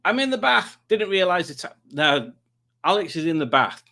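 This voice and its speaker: A man's voice: high-pitched, very animated, moderate pace, pushed and bright. A man hosting a live stream, chatting casually and joking while reading out viewer comments. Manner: playful, jokey, chatty asides.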